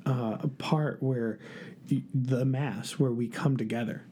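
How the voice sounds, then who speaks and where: A man's voice: mid-range voice, fairly even intonation, slow, dark tone, slight background noise. A man in his thirties co-hosting a casual Catholic chat show, laughing often and tripping over words. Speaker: co-host of a Catholic live show.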